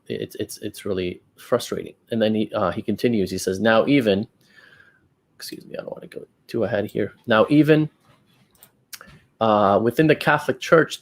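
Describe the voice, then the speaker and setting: A man hosting a casual apologetics discussion, reading quotations aloud and rebutting them in an exasperated, emphatic way. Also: on the low side. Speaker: channel host.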